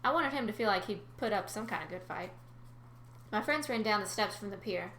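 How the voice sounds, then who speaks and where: A woman's voice: medium pitch, lively intonation, fairly quick, fairly bright tone, a little hiss or hum. A woman reading a first-person adventure story aloud, with chatty asides to her listeners. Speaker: narrator. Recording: roomy recording.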